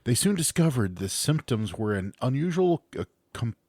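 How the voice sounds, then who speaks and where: A man's voice: mid-range voice, big pitch swings, a little mellow, dry recording, studio quality. A man co-hosting a comedy podcast, reading a news story aloud in casual chat and stumbling over medical terms. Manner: reads headlines haltingly, stumbles on medical terms.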